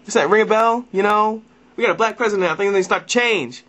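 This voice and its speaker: A young man with a high voice rants straight into his camera, exasperated and full of swearing. He keeps circling back, repeating phrases and restarting sentences as he builds his complaint. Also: fast, fairly bright tone, dull audio. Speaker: vlogger. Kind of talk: ranting to camera.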